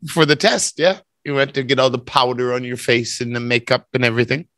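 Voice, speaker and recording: A man's voice: mid-range voice, steady tone, fairly quick, a bit bright, no room sound, clean studio sound. A man teaching English, running a speaking test over a video call with a playful, teasing manner.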